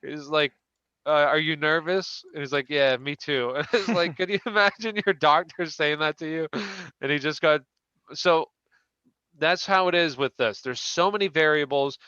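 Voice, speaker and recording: A man's voice: on the high side, normal speed, pushed and bright, clear, resonant tone, no room sound, dull audio. A man hosting a live question-and-answer stream, chatting casually and restarting his sentences as he answers viewers. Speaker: fantasy football show host.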